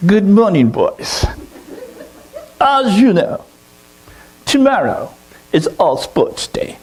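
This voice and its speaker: A man's voice: high voice, sing-song, takes it slowly, a little mellow, slightly rough, voice pushed up, heavily acted, poor audio. A man voicing a stiff English school professor in a put-on English accent, formal and proper.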